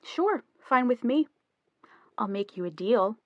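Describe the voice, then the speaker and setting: A woman's voice: on the high side, lively intonation, takes it slowly, no echo, muffled recording, pitched above the performer's own voice. A woman reading the lines of a playful young husband in an audiobook, joking and teasing. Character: easygoing playful young husband, rock musician.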